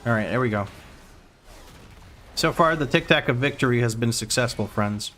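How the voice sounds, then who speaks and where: A man's voice: medium pitch, moderate pace, a bit bright, slight background noise. A man streaming a game, giving running play-by-play with wry asides to his chat. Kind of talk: live gameplay commentary.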